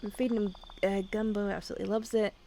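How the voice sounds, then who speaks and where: A woman's voice: mid-range voice, level tone, quick pace, vocal fry, warm tone, slight background noise. Chatty woman streamer, sweary. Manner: chatty, swears freely, reads game dialogue aloud. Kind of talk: casual gaming stream chat. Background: faint game music.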